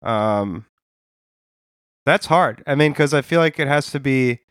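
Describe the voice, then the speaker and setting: A man co-hosting a podcast, spinning dry, absurd tangents in a relaxed, rambling way. His voice is smooth and clear, at a middle pitch for a man. The sound is close and dry. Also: a little slow, dry recording. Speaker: podcast co-host. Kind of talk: casual comedic chat. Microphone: studio podcast mic.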